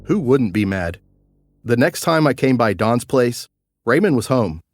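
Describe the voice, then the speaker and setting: Lively-voiced male podcast narrator. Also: medium pitch, dry recording, clean studio sound, soft background music. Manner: measured, storytelling. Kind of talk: scripted narration.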